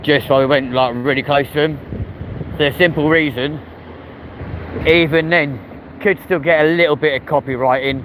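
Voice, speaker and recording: A man's voice: fairly high pitch, steady tone, normal speed, long pauses. A man chatting casually on a live stream, cheeky and talkative, walking outdoors through a city at night on a handheld phone. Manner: chatty, cheeky, banters with passers-by. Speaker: vlogger. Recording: city street noise.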